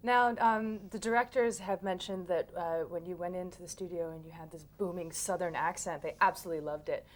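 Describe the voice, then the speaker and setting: A woman's voice: on the low side, steady tone, brisk. A female entertainment interviewer asking friendly questions in an upbeat way, laughing along with her guest.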